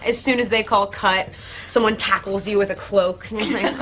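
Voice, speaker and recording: A woman's voice: mid-range voice, fairly even intonation, moderate pace, heavy background noise. A woman in her twenties, an actress, chatting loosely in an interview, full of "like", swearing and laughing. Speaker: actress guest. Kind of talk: casual interview chat.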